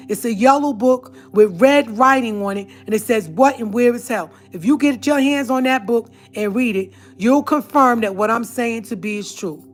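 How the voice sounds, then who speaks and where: A woman telling a personal story to her viewers, speaking in an earnest, emphatic way. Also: on the high side. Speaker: vlogger.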